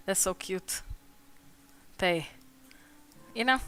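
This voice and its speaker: Bright clear-voiced woman rambling and swearing on her art stream, laughs a lot, soft music under it. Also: mid-range voice, a little slow. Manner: swears freely, laughs often, mock-indignant rants. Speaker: artist streaming while drawing. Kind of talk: casual chat.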